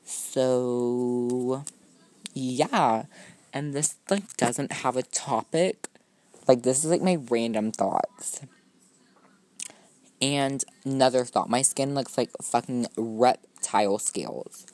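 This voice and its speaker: A man's voice: mid-range voice, takes it slowly, a little mellow, no room sound. A young man, a student, hosting a rambling solo podcast. He talks in a gushing valley-girl drawl full of "like" and "oh my god", swears casually, mocks himself and keeps jumping between topics. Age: young adult student. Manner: scattered, self-mocking, jumps between topics. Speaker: podcast host.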